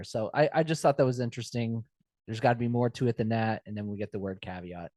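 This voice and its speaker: A man's voice: medium pitch, fairly quick, darkish tone, no room sound. A man co-hosting a podcast chats loosely about a film and laughs easily at himself. His voice sits in the middle of the range. The sound is close and dry. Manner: chatty, laughs easily, self-deprecating. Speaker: podcast co-host. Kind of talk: casual film discussion.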